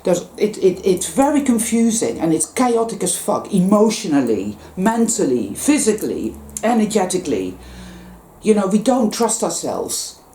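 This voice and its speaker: A woman's voice: mid-range voice, sing-song, moderate pace, dark tone, slight background noise. A woman giving an impassioned spiritual monologue. She is intense and emphatic, swears freely, and repeats her phrases for force. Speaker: spiritual vlogger. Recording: roomy echo.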